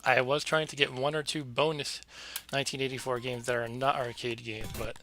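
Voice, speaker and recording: A man's voice: mid-range voice, flat delivery, pushed and bright, slight background noise. A man hosting a casual live game stream from home, out of breath, chatty and joking with asides. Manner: chatty, self-deprecating, with fillers and quick asides.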